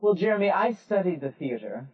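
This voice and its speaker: A man's voice: high-pitched, big pitch swings, fairly quick, husky, recorded from a distance. A man on a casual podcast who argues his point, stumbling over and repeating words. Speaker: podcast co-host. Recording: dull lo-fi audio, a bit off mic.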